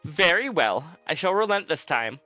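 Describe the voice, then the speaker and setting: A man's voice: a little high, very animated, normal speed, pushed and bright, highs cut off, faint music behind. A man voicing a playful, teasing fifteen-year-old princess, reading game dialogue aloud in a raised, girlish, polite voice.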